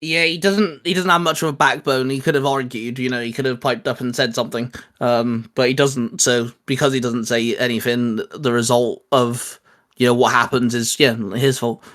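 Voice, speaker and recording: A man talking casually as a podcast guest, halting with restarts and fillers. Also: mid-range voice, steady tone, a bit bright. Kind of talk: casual chat.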